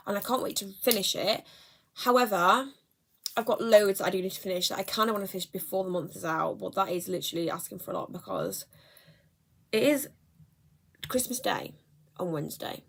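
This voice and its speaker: A woman's voice: mid-range voice, gravelly. Chatty young woman vlogging. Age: young adult. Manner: chatty, rambling, self-correcting. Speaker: book vlogger. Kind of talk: casual chat.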